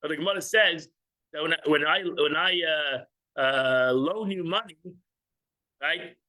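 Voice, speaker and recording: A man's voice: a little high, a little slow, pushed and bright, poor audio. A man teaching an informal religious class, joking with listeners and acting out little scenes. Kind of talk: informal class with audience banter.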